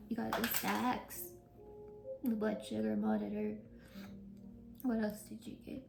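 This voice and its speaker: Sick, coughing woman with a gravelly voice. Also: medium pitch, little pitch movement, slow, echoey room, over loud music. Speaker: vlogger. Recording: noisy background.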